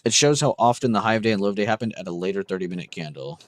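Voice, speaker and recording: A man's voice: on the low side, expressive, racing, dry recording. A young man hosting a trading livestream, chatting casually and enthusiastically with viewers, swearing freely. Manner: casual, profane, enthusiastic, reacting to chat.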